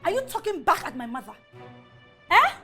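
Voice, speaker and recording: A woman's voice: big pitch swings, a little fast, pushed and bright, faint music behind, heavily acted. A woman with a Nigerian accent playing a spiteful young woman who mocks and threatens her stepsister. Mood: taunting. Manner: mocking, shrill insults and threats. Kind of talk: Nollywood film acting.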